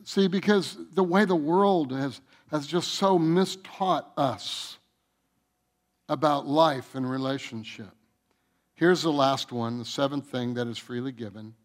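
A male pastor delivering a sermon in church, preaching with passion, building to loud emphatic runs and repeating phrases. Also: mid-range voice, measured pace.

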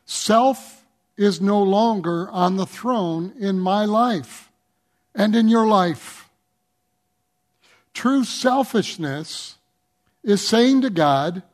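Slow, high-voiced earnest male preacher. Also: lively intonation. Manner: earnest, pleading preaching with emphatic swells; reads scripture aloud slowly. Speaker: pastor. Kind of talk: sermon.

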